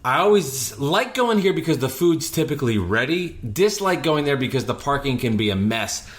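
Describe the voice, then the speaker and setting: A man hosting a podcast, telling animated stories from his delivery shifts in casual chat. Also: medium pitch, moderate pace. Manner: animated anecdotes, breaks into singing. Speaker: podcast host and delivery driver.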